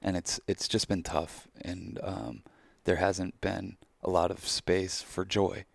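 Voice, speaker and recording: A man with a very low voice and a gravelly edge talks through his thoughts on a podcast, candid and reflective, dropping casual swears. The recording is dry and close, with no room sound. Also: flat delivery, takes it slowly, no room sound. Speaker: podcast co-host. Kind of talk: casual chat.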